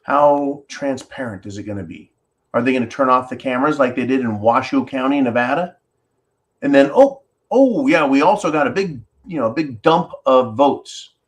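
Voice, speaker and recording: A man's voice: medium pitch, normal speed. A man hosting an opinion show, ranting sarcastically and reading viewer comments aloud. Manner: animated, sarcastic ranting with mock-quoted voices. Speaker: host.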